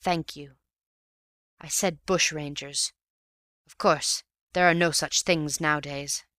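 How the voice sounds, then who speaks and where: A man voicing a wounded, exhausted bank manager who talks in weak, halting phrases. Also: fairly high pitch, fairly even intonation, sharp tone, no echo, clean studio sound. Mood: grim.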